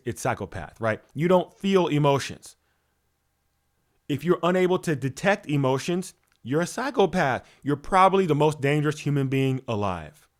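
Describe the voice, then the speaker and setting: A man giving a motivational talk as a spiritual coach, preachy and full of rhetorical questions, restarting and repeating words as he goes. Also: fairly high pitch.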